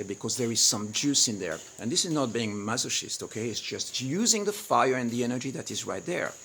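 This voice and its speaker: Speaking from a home studio set in rice fields, near the outdoors, a relationship coach hosts a teaching webinar in a mid-range, gravelly, somewhat bright voice. He performs quoted lines with abrupt volume jumps, over a little hiss or hum.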